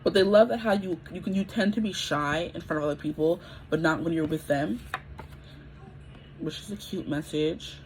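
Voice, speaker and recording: A woman's voice: fairly low pitch, normal speed, darkish tone, a little hiss or hum, low-quality recording. A woman in her twenties giving a casual pick-a-card tarot reading, chatty and rambling, often checking in with her listeners. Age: 20s.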